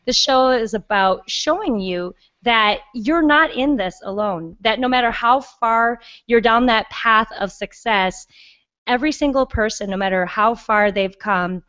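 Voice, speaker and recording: A woman's voice: on the high side, fairly bright tone, dull audio. A woman hosting a podcast interview, enthusiastic and encouraging, talking casually with some light swearing. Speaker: podcast host.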